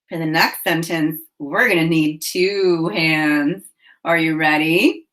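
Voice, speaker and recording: Bright, lively woman teacher. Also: medium pitch. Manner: slow, clear, encouraging enunciation. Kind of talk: phonics lesson for young children.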